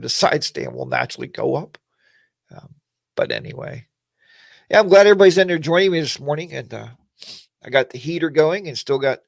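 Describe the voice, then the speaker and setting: A man's voice: mid-range voice, creaky, no room sound. A man hosting a casual weekly livestream chat, rambling in a folksy way and greeting viewers by name.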